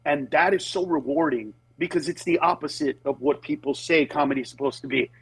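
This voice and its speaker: Husky-voiced man telling comedy stories. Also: fairly high pitch, fairly quick, low-quality recording. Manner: animated storytelling, acts out voices of others. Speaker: comedian guest. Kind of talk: casual radio interview by phone. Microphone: phone with Bluetooth.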